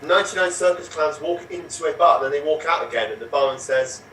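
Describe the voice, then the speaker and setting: A man rattles off deadpan improv jokes in a slightly high voice. The room echoes around him and he is some way from his mic. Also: a little fast, a little hiss or hum. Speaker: improv player. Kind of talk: improvised joke telling. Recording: roomy, distant mic.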